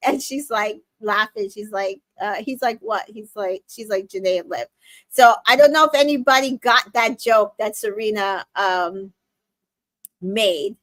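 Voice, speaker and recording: A woman's voice: on the high side, a bit bright, dry recording. Chatty woman recapping with dry sound. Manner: chatty, retells scenes with quoted lines, frequent fillers and laughs. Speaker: recap host. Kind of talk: casual reality-show recap chat.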